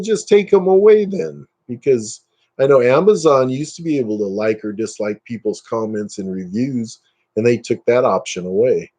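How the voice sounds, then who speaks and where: A man hosting a casual live stream, chatting with viewers and ranting dismissively, his pitch jumping up when he gets worked up. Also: mellow.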